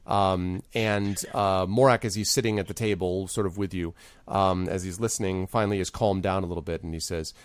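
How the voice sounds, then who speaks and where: A man's voice: deep voice, fairly even intonation, a little fast, few pauses, clear, resonant tone, dry recording. A man narrating as game master in a rambling way with many fillers.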